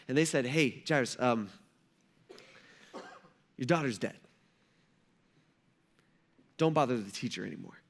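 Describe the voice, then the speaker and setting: High-voiced casual man preaching. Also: a bit bright. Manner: conversational, slangy, acts out quoted voices. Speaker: pastor. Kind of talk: casual sermon. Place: church.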